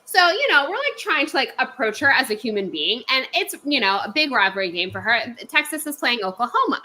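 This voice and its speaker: A woman's voice: high voice, big pitch swings, a little fast, sharp tone, rough recording. A woman in her thirties telling a work story in casual, profane, ranting chat as a podcast co-host.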